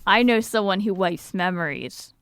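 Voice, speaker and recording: A woman's voice: medium pitch, lively intonation, normal speed, a bit bright, slight background noise. A woman playing her character in a tabletop game, earnest and insistent. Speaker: player.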